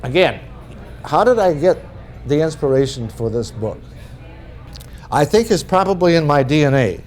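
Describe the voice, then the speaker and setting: A man's voice: fairly high pitch, sing-song, moderate pace, a little mellow. A middle-aged man from northern Minnesota giving a talk as an author, telling humorous anecdotes in a folksy way. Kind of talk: storytelling presentation.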